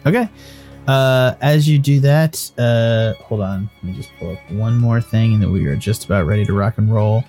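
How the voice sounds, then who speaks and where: A man's voice: fairly low pitch, normal speed, warm tone. A man runs a tabletop game, narrating in a loose, rambling way full of restarts and casual swearing. Faint music plays behind him. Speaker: game master.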